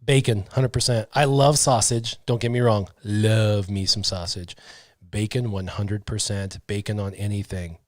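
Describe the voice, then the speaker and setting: A man's voice: lowish voice, steady tone, normal speed, dry recording, studio quality. A man hosting a casual live stream chat, playful and teasing, calling out viewer names. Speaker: show host.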